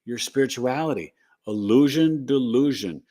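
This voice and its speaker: A man's voice: medium pitch, moderate pace. A man hosting a live astrology show, chatting casually and playfully with his co-host and viewers. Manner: playful, animated, talks over his co-host. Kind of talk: casual livestream chat.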